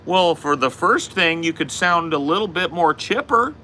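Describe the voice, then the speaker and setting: A man voicing his rude young friend mocking a drive-thru worker, in a smug, mock-polite, drawn-out way. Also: on the high side, expressive, bright, forceful tone, slight background noise, pitched above the performer's own voice. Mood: smug trolling.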